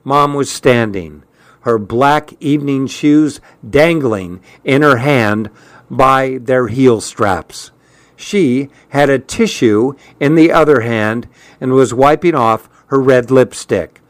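A man reading a first-person story aloud, unhurried and even. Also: mid-range voice, no room sound. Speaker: narrator.

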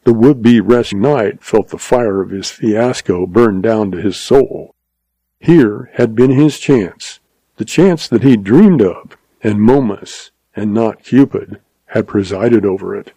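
A man narrating a story in a measured, expressive reading. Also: lowish voice, husky, no room sound, poor audio.

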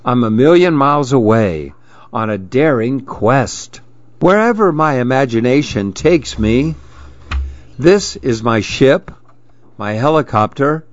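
A man reading a children's storybook aloud, gentle and expressive. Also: mid-range voice, no room sound, dull audio.

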